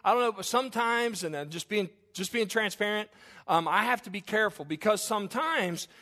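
A man's voice: sits high, a little fast, pushed and bright. A middle-aged man preaching a sermon as pastor, folksy and conversational, with joking asides and frequent restarts.

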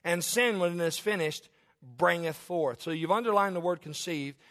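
A pastor with a high-pitched male voice preaches a sermon, reading scripture slowly and quietly in a low, measured way. He then rises loud and high to drive his points home.

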